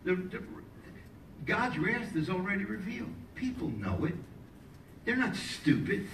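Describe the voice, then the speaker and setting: A male pastor preaching a sermon in a church, lively and joking with the congregation between points. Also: high-pitched, unhurried, long pauses, a little hiss or hum. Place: church sanctuary. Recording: echoey hall, mic at a distance, faint ambience.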